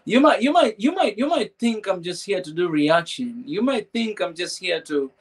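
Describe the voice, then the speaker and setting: A man's voice: high voice, sing-song, normal speed, poor audio. A man hosting a live stream, talking emotionally in a preachy way, repeating phrases and asking rhetorical questions. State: emotional, voice breaking at times.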